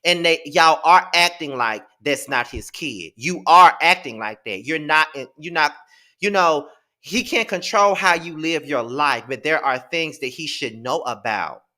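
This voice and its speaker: A man's voice: fairly high pitch, lively intonation, a little slow, pushed and bright. A man hosting a live TV episode review, talking emphatically and repeating himself in exasperation. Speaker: host.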